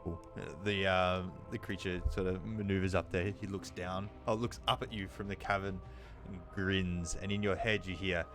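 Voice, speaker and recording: A man with a very low voice narrates a tabletop game as its game master. He tells the scene in a loose, relaxed way, pausing on fillers. Faint music plays in the background. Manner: relaxed storytelling with fillers and laughs.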